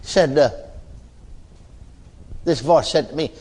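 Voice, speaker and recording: A man's voice: on the high side, slow pace, a little mellow, slightly rough. A man preaching a storytelling sermon in a folksy, chatty way, with chuckling asides and frequent "you see" tags. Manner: many restarts and filler tags like "you see".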